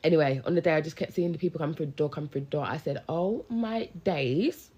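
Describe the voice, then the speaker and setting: A young woman with a low voice chats on a live stream, slangy, lively and thanking viewers as she goes. She talks like a friendly business coach straight into her phone. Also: racing, slightly rough. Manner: chatty, slangy, animated, responds to viewers. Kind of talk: casual live-stream chat. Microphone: handheld phone live stream.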